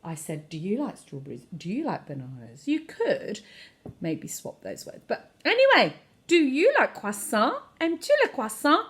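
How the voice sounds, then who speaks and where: Lively woman teaching French phrases. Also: mid-range voice, normal speed. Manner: lively, expressive, playful overacting of phrases. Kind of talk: online language lesson.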